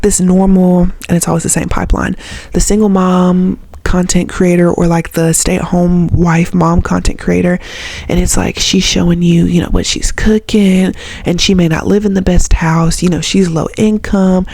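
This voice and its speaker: A young woman with a Southern accent rants straight to camera, blunt and sarcastic, with a mild swear word here and there. Her voice is husky and warm in tone. The recording is close and dry. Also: fairly low pitch, no echo. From Southern United States. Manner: blunt and sarcastic, swears freely, mimics others in mocking voices. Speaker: vlogger. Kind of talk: casual ranting commentary to camera.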